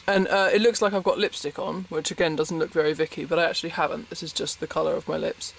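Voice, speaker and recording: A man with a slightly high voice chats casually to camera from his bed. He rambles and pokes fun at himself, often breaking into a giggle. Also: steady tone, fast, vocal fry, a little hiss or hum. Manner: rambling, self-deprecating, giggly. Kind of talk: casual vlog chat. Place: bedroom, in bed at night.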